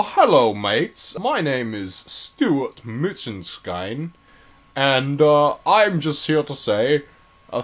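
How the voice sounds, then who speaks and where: A man's voice: fairly high pitch, pitched above the performer's own voice. A man voicing a crude hybrid mascot creature with hooves, in a mock British accent and a cheerful, creepy manner.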